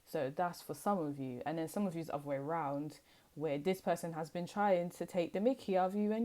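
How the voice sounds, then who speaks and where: A young woman with a low, dark voice gives a casual tarot reading to camera, speaking a little fast. She's a chatty, slangy tarot reader who rambles as she goes.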